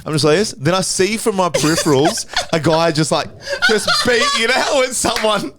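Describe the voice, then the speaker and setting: A young man telling a story in casual podcast chat, swearing freely and acting out the shouting. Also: sits high, brisk, very noisy. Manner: animated storyteller, swears a lot, acts out shouting. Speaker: podcast host.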